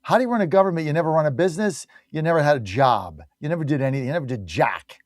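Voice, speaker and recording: A man's voice: on the high side, animated, rapid-fire, dry recording, studio quality. A man hosting a talk radio show, delivering an opinionated monologue in a combative, mocking and blunt way.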